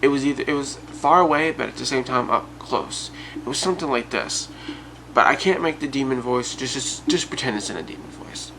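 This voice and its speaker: Man, casual storyteller, gravelly, addresses viewers directly. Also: medium pitch, fairly quick, background noise. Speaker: YouTube storyteller.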